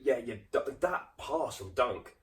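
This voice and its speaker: A man with a lively, restarting way of talking, co-hosting a casual football chat and laughing often. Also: medium pitch, unhurried, far from the mic. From Watford area, England. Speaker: podcast co-host.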